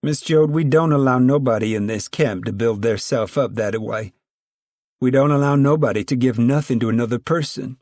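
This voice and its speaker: A man's voice: medium pitch, normal speed, darkish tone, no room sound, studio quality, pitched above the performer's own voice, natural voice. Man doing a stern camp woman. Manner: firm and plain-spoken.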